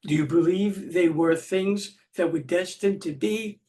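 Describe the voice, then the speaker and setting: A man hosting an interview, asking questions in a measured, deliberate way. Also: high voice, dark tone. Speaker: interview host.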